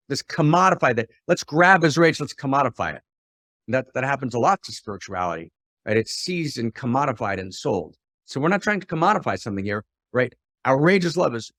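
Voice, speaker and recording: A middle-aged man giving an impassioned spiritual talk. He drops to a hush, then rises to fiery outbursts full of rhetorical questions and repetition. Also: mid-range voice, no echo, clean studio sound. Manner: swings from hushed to fiery and exclamatory. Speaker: spiritual teacher.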